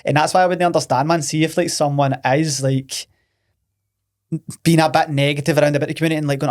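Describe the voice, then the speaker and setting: A Scottish man telling stories in a casual podcast chat, animated and swearing freely. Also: on the high side, quick pace. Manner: animated, swearing, laughing storyteller.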